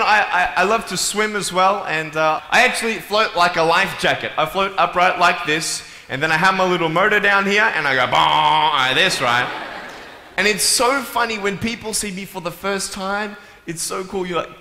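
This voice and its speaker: A man's voice: high-pitched, background noise. A young man giving a humorous speech to a live audience, telling stories in a playful, joking way. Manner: playful, joking, lively storytelling. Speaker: motivational speaker. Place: large hall with a live audience. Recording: echoey hall with faint ambience.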